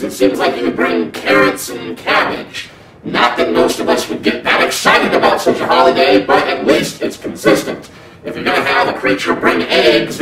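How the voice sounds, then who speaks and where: A man telling a comic story in a sarcastic, profane rant, slipping into mock voices. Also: medium pitch. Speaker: comedic vlogger telling a story. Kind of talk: comedic rant with acted dialogue. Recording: echoey room, heard from a distance, loud music behind. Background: loud music.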